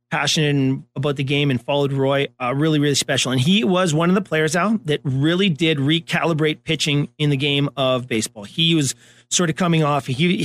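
A man co-hosting a casual talk show, telling animated stories and acting out the voices of the people in them. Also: on the high side. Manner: animated storyteller, acts out voices. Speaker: co-host, former baseball coach. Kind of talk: storytelling in casual chat.

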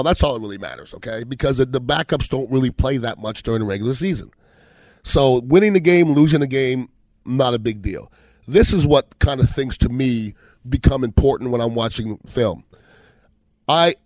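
A man's voice: medium pitch, dry recording. A middle-aged man, a former football player, telling casual stories about games and players, acting out the dialogue. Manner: animated storyteller, acts out quoted dialogue. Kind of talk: casual storytelling on sports.

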